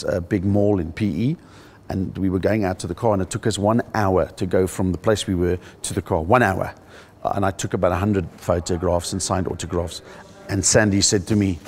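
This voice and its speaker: Middle-aged South African male comic, interview; fairly low voice, lively storyteller who slips into impressions. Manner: animated storyteller who acts out other people's voices. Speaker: comedian interviewee. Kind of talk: casual interview chat.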